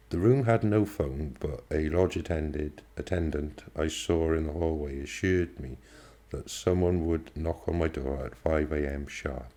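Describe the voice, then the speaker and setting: A man narrating a novel in the first person with a steady, measured delivery. His voice is extremely deep, with a dark, mellow tone. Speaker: audiobook reader.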